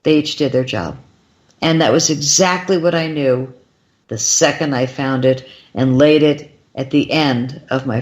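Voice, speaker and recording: A woman guest on a radio show, telling a personal story in an excitable way and acting out the lines of the people in it. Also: low voice, muffled recording. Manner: excitable, acts out quoted dialogue with shifting voices. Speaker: guest, crop circle filmmaker.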